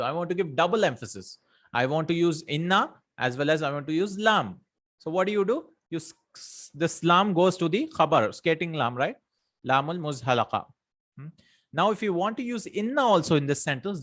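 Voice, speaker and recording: A man teaches an Arabic grammar lesson step by step, reading example sentences aloud, translating them, and frequently checking in with "right?" and "hmm?". His voice is slightly high with a fairly bright tone.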